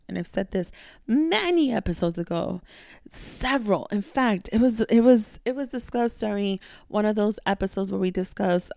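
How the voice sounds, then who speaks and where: Gravelly-voiced woman podcaster, candid and slangy. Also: fairly low pitch, darkish tone, no echo, clean studio sound. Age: adult, a mother. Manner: candid, reflective, slangy with profanity. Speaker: podcast host; mentor to young women. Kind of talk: casual solo podcast monologue.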